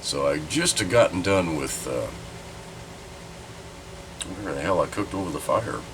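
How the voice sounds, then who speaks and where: A man's voice: low-pitched, expressive, normal speed, background noise. A man hosting his own channel, giving a rambling, candid update in a congested, nasal voice while he recovers from a sinus infection. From Southern Oregon. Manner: rambling, chatty and candid, with mild swearing. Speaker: channel host. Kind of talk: casual vlog update.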